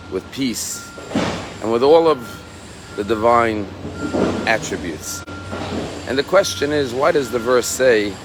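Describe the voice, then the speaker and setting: A rabbi giving a measured, emphatic sermon, slowing down to stress key phrases. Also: male voice, mid-range voice, background noise.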